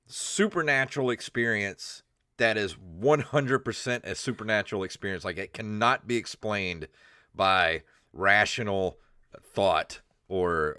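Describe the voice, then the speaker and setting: Low-voiced laughing comedy podcast host. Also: male voice, pushed and bright, clean tone, no room sound, studio quality. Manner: rambling, laughs often, trails off in filler words. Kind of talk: casual comedy podcast chat.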